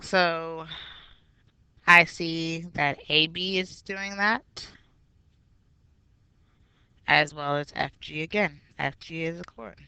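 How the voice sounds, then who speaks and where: A woman's voice: deep voice, fairly even intonation, slow pace, long pauses, bright, forceful tone, clear, resonant tone, dry recording. A woman math teacher walking through a geometry review step by step, patient and explanatory. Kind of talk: recorded geometry review lesson.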